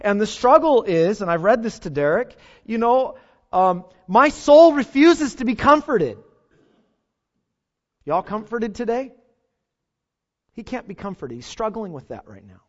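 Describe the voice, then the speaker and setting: A man's voice: sits high, lively intonation, normal speed. A male pastor, preaching an earnest sermon and putting rhetorical questions to his congregation, on a dull lo-fi recording.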